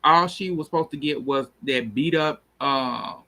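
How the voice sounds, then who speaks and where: Animated man recapping a TV episode. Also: on the high side, measured pace. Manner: animated, laughs often while retelling scenes. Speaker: TV episode reviewer.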